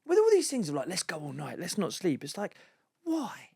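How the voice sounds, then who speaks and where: Animated sweary man telling stories. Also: high voice, normal speed, creaky, husky. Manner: animated storytelling, sweary, acts out quotes. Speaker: guest comedian. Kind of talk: casual podcast chat.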